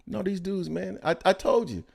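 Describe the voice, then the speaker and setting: A man hosting a boxing podcast in casual chat, joking loudly at times and dropping to calm analysis at others. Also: moderate pace, gravelly. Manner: excitable, swings from loud joking to low calm analysis. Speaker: podcast host.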